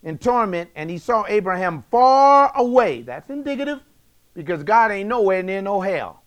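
A man preaching a sermon, emphatic and slangy, swinging between loud bursts and hushed asides. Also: high voice, sing-song, moderate pace.

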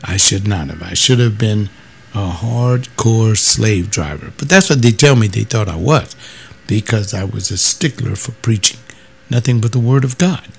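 A man who is a former pastor, telling stories in a blunt, emphatic casual monologue and jumping up in pitch when he quotes other people. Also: lively intonation, normal speed, vocal fry, slight background noise.

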